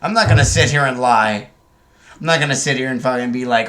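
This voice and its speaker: A man's voice: mid-range voice, brisk, a bit bright. A young man co-hosting a casual podcast chat, brash and emphatic with lots of profanity. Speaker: podcast co-host.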